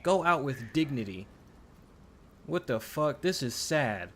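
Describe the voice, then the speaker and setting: A man's voice: mid-range voice, expressive, takes it slowly, slight background noise. A man streaming a video game, ranting in frustration with lots of swearing and restarted sentences. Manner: exasperated ranting, heavy swearing; repeats himself, trailing restarts. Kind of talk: live gameplay commentary.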